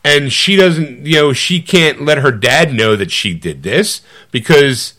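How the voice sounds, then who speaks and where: Animated man retelling a movie plot. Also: fairly high pitch, measured pace. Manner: animated storytelling, slipping into quoted voices; loose, rambling with fillers and restarts. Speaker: podcast co-host.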